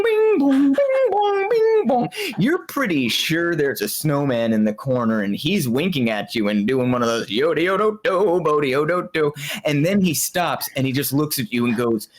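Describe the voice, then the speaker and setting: A woman narrating a tabletop horror game as game master, playful and quick to laugh. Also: extremely low pitch. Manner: lively, playful, laughing narration with sudden voice swings.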